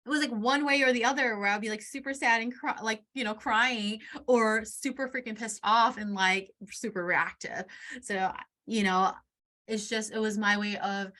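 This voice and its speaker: Bright-voiced woman talking candidly. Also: mid-range voice. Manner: candid, swears casually, repeats words for emphasis. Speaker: podcast host. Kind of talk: personal reflective monologue.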